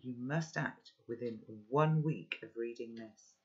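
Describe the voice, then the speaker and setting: A man's voice: mid-range voice, a little slow, natural voice. A man reading a loving father's letter to his son aloud, earnest and instructive. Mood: urgent. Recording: dull, lo-fi recording.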